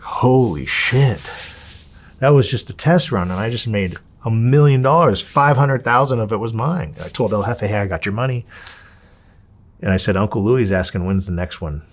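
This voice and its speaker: A man in an interview, telling his story with lots of swearing and acting out what people said. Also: medium pitch. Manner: profane, animated, acts out quotes. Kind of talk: candid storytelling.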